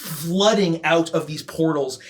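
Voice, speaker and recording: A man's voice: fairly high pitch, measured pace, noisy background. A man narrating a tabletop game as game master, with frequent ums and restarts.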